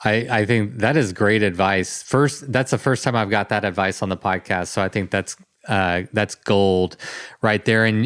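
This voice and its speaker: A male podcast host, chatty and animated, often laughing while he talks with his guest. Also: on the low side, smooth, no room sound, studio quality. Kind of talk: casual interview chat.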